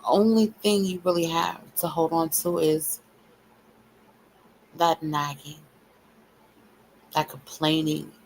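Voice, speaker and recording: A woman's voice: low voice, steady tone, takes it slowly, pauses often, darkish tone, slight background noise, rough recording. A woman hosting a livestream, ranting bluntly and profanely at her viewers in a taunting, repetitive cadence. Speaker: livestream host.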